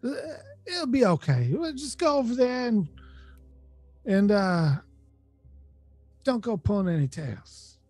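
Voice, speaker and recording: A man's voice: sing-song, takes it slowly, pauses often, darkish tone, no echo, full character voice. A man voicing a cheerful male professor of magical creatures, talking in a folksy, chirpy way. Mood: reassuring. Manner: chirpy, folksy, higher than his own voice. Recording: dry close mic, faint music.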